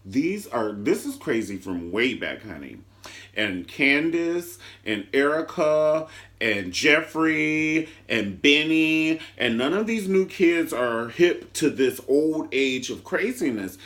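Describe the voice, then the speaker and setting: A man reviewing a TV drama in a casual vlog, sassy and flamboyant, leaping up and down in pitch for emphasis. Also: lively intonation, unhurried, fairly bright tone. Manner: leaps between high and low pitch for emphasis. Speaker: TV show reviewer.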